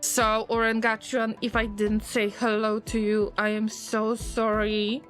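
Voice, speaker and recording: A woman streaming a game, chatting casually with viewers, easily distracted and prone to sudden excited alarm. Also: on the high side, measured pace, soft background music. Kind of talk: casual live-stream gameplay commentary.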